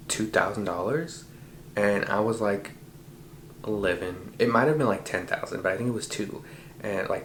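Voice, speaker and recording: A man recounts a long dream in a casual, profanity-laced monologue and slips into the voices of the people he quotes. His voice sits a little low, and the sound is roomy, with a faint hiss of noise behind it. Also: fairly bright tone. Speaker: podcast host.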